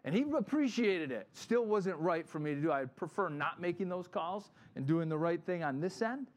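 A man's voice: sits high, moderate pace. A middle-aged man, a pastor, giving a conversational sermon and acting out the people in his stories. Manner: animated storytelling, acts out quotes.

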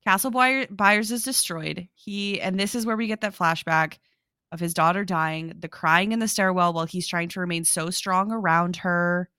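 A woman co-hosting a podcast, excitedly recapping a TV show in casual chat, swearing and laughing often. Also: lowish voice, normal speed, smooth, dry recording, clean studio sound. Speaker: podcast co-host.

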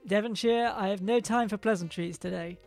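A man's voice: high-pitched, fairly quick, gravelly, darkish tone, soft background music. A man playing a stern, pompous male spy chief who gives orders in a clipped, commanding way.

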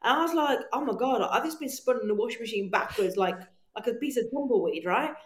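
A woman guest on a podcast, telling animated stories in casual chat, swearing freely and acting out her own voice. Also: a little high, fast. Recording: echoey room.

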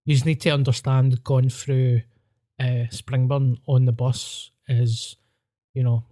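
A man's voice: mid-range voice, little pitch movement, slow pace, warm tone. A Glaswegian man and comedian in casual podcast chat, telling stories with lots of swearing and laughter.

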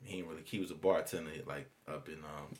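A man telling a story in casual chat, slangy and animated, jumping his voice up to act out quoted people. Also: rumbling low, quick pace.

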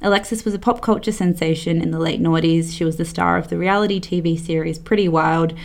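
A woman's voice: fairly low pitch, steady tone, brisk, gravelly. A woman hosting a podcast, giving an upbeat scripted introduction. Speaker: podcast host.

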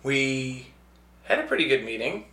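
A man's voice: mid-range voice, sing-song, normal speed, bright, forceful tone, reverberant. An American man co-hosting a podcast in casual, teasing banter. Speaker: podcast co-host.

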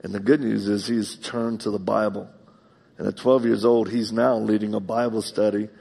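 Husky, gravelly preacher in a reverberant hall. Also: male voice, fairly low pitch, little pitch movement, moderate pace. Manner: heartfelt, swings from loud emphatic bursts to hushed storytelling. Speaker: pastor. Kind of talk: live sermon with personal storytelling. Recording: long reverb of a large hall.

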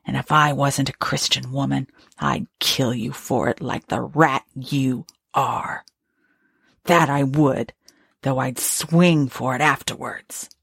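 A woman's voice: extremely low pitch, fairly even intonation, slow, gravelly, a bit bright, husky, dry recording, clean studio sound, voice pushed down, heavily acted. A woman reading an audiobook, voicing a grieving, bitter older woman servant who scolds in harsh, ungrammatical rural speech. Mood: scornful.

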